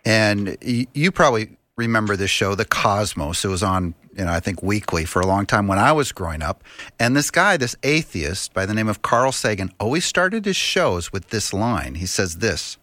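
Casting: man, low voice, earnest, preachy studio guest, dry mic. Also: big pitch swings, normal speed, pushed and bright, no echo. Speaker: radio guest. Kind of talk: talk radio conversation. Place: radio studio.

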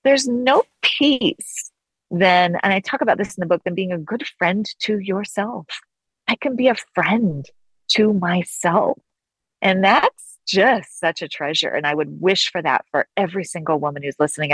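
A woman guest, an author and counselor, talking in an earnest, reflective way in an interview and slowing down to stress key phrases. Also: fairly low pitch, dry recording, low-quality recording. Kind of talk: conversational interview.

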